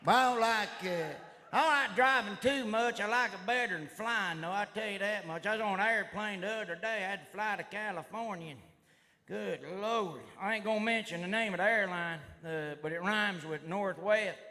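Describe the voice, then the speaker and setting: A man doing a stand-up comedy routine, with a loud, rowdy redneck delivery full of catchphrases. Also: sits high, normal speed. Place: comedy stage before a live audience. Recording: live show with loud audience laughter and noise.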